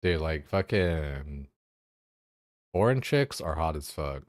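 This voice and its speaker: A young man with a deep, low voice chats casually while he plays a game. His talk rambles, packed with fillers and swearing. The recording is close and dry. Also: lively intonation, slow, no echo. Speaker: game streamer. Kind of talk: casual chat while gaming.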